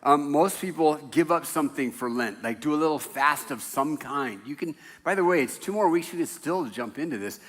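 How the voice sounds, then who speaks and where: Older male pastor, bright voice, chatty storyteller who laughs at his own jokes; church hall echo. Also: fairly high pitch, lively intonation, normal speed, few pauses. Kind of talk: casual conversational sermon. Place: church sanctuary.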